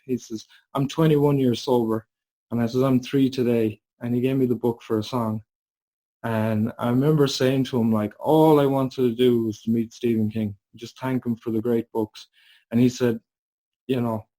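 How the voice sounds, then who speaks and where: A man in his forties telling a candid personal story, animated and casual, over a video call. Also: mid-range voice, poor audio. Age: 40s.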